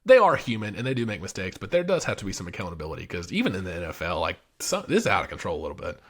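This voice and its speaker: A man's voice: low-pitched, huge pitch swings, rapid-fire, slightly rough. A man co-hosting a casual basketball podcast, enthusiastic and rattling off player stats. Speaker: podcast co-host. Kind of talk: casual sports talk.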